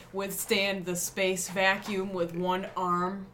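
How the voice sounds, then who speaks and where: A woman guest on a casual podcast, with a mid-range voice and a dry, wry way of delivering her jokes. Other voices chatter clearly in the background as she talks. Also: medium pitch, level tone, extremely slow. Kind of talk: casual chat.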